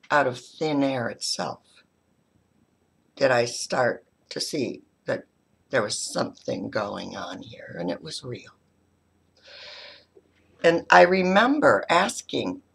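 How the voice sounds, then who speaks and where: Middle-aged woman, spiritual teacher, husky voice with a lively pitch, heartfelt personal talk. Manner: halting, heartfelt, dips into soft whispers.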